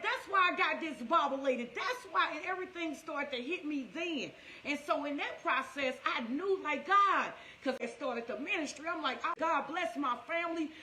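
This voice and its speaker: St lady in her 50s telling her story on a live stream, high voice, roomy echo. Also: a little hiss or hum. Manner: animated, laughs through emotional memories. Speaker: motivational ministry speaker. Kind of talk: personal storytelling on a livestream.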